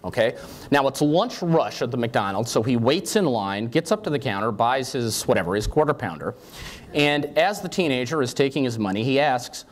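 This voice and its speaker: A man in his forties lecturing at a university, telling stories in an easy, conversational way. His pitch moves a lot, rising and falling through each sentence, from a mid-range voice. He keeps checking in with the audience. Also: expressive, moderate pace. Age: 40s. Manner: conversational, frequent "okay?" check-ins. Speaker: guest lecturer. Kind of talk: storytelling lecture.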